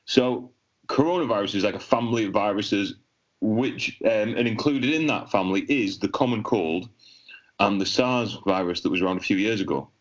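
Deadpan man, low voice. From England. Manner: deadpan, crude joke-telling. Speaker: podcast co-host. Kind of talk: casual banter. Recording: dull lo-fi sound.

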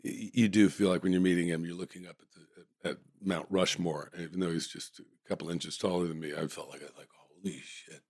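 A man's voice: low-pitched, fairly even intonation, fast, gravelly, darkish tone, dry recording, studio quality. A man, an actor, casually telling rambling, amused stories from a film shoot, often restarting his sentences. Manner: rambling, self-correcting, amused. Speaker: actor guest. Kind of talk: casual anecdotal storytelling.

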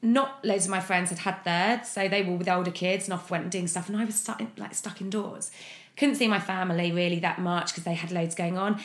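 A woman speaking as an interview guest, frank and open in a candid personal account, often pausing on fillers. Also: lowish voice, fairly even intonation. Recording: echoey room.

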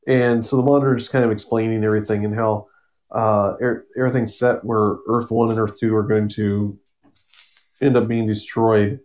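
A man's voice: on the low side, flat delivery, moderate pace, a little mellow. A man casually summarizing a comic book story on a podcast, rambling with fillers and acting out the characters' lines. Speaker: podcast co-host.

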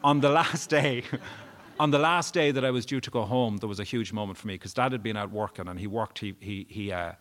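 A man's voice: on the low side, brisk, fairly bright tone, a little hiss or hum. A man, a guest at a live event, candidly and emotionally telling a personal story and swearing freely. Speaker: interview guest. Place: live event before an audience.

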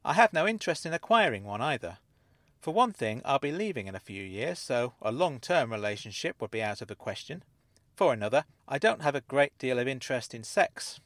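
A man voicing a calm woman claiming to be alien. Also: mid-range voice, no room sound. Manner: measured and unruffled. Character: calm, composed woman who says she is not human. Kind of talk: audiobook character voice.

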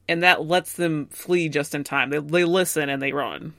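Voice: mid-range voice, fairly even intonation, measured pace, hardly any pauses, pushed and bright, no room sound, studio quality. A co-host recapping plot in casual chat, chatty and quoting characters' lines along the way. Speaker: podcast co-host.

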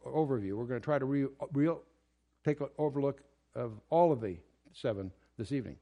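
A man's voice: on the high side, a little mellow. A man giving a verse-by-verse Bible study lecture, earnest and emphatic, with restarts and asides. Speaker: Bible teacher.

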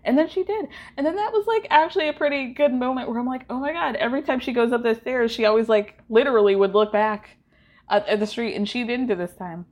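A woman's voice: a little high, quick pace, a little mellow. Chatty woman gossiping through a TV recap. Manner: chatty and gossipy, full of "like" and asides to listeners. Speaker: podcast host. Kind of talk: casual pop culture TV recap.

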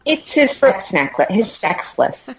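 A woman chatting on a podcast, tossing in quick jokes. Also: medium pitch, very animated, creaky, crowd noise, poor audio. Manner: quick joking interjections. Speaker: podcast co-host. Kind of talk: casual chat.

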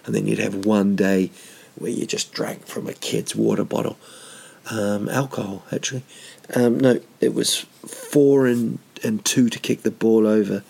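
A man's voice: medium pitch, gravelly, darkish tone, slightly rough. A man doing stand-up, telling meandering, self-mocking stories full of asides and restarts. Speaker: stand-up comedian. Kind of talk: rambling comic storytelling.

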